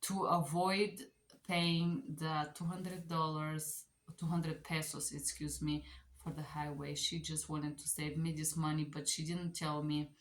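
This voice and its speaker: A woman language teacher telling a story in a casual, animated way, with phrasing. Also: sits low, unhurried. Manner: animated, chatty, non-native phrasing. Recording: echoey room.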